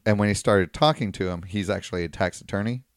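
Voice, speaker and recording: A man's voice: lowish voice, quick pace, no echo, clean studio sound. A man casually recounting a story to a co-host, rambling with frequent ums and uhs.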